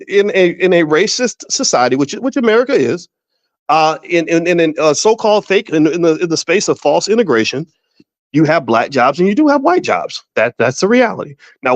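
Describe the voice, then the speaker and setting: A middle-aged man hosting a casual commentary monologue, folksy and repetitive, breaking into high excited voices when telling stories. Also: no room sound. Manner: animated storyteller, jumps into high excited voices; folksy, repeats himself and restarts often. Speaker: host. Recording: dull, slightly lo-fi dry sound.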